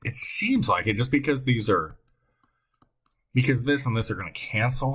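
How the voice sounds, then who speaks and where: A man teaching a recorded math lesson, thinking aloud as he works and talking to himself in an excitable way. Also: mid-range voice, normal speed, long pauses, breathy edge.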